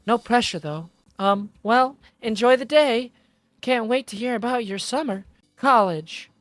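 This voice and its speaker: A man's voice: very high voice, measured pace, no room sound, pitched above the performer's own voice. A man voicing a cheery middle-aged mother leaving a voicemail, bubbly and gushing in a put-on accent.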